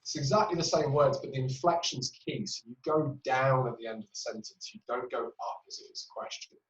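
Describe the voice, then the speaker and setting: In a dull, distant, roomy webinar recording, a man who trains clinicians explains communication skills using patient examples and lots of fillers. His voice is mid-range and a little fast.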